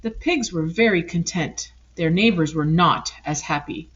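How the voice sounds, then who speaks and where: A woman reading a children's picture book aloud in an expressive, lively way. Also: on the low side, unhurried, noisy background. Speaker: storybook reader. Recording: dull lo-fi recording.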